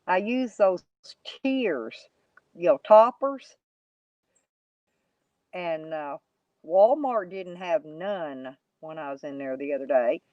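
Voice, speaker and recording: A woman's voice: on the low side, animated, slow, long pauses, no echo, highs cut off. A woman, chatting casually to live viewers in a rambling, folksy, mocking way. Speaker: YouTube live streamer.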